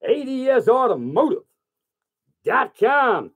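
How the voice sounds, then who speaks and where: A man's voice: very high-pitched, very animated, normal speed. A man hosting a call-in sports radio show, reading rankings casually with fillers and restarts.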